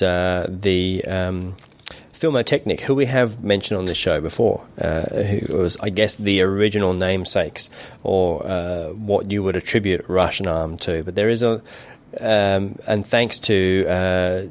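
A middle-aged man co-hosting a podcast, chatting casually and rambling with many restarts and fillers. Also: low voice. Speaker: podcast co-host.

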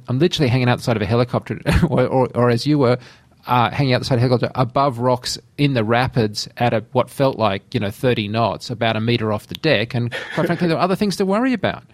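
A man's voice: mid-range voice, quick pace, dry recording. A man hosting a podcast, talking in an easygoing, chatty way about his experiences. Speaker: podcast host. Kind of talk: casual podcast interview.

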